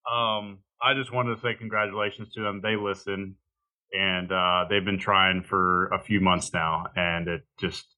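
A man co-hosting a podcast in a casual chat. His voice is bright and forward, and he sounds worn out. He rambles through his stories and acts out what others said. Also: low voice, flat delivery, measured pace, poor audio. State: tired. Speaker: podcast co-host.

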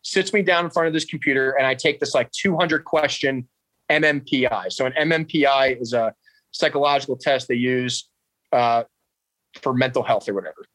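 A man in his thirties from New Jersey tells a story as a podcast guest, casual, sarcastic, and profane, acting out the dialogue. His mid-range voice is a bit bright and moves at a moderate pace, with no echo.

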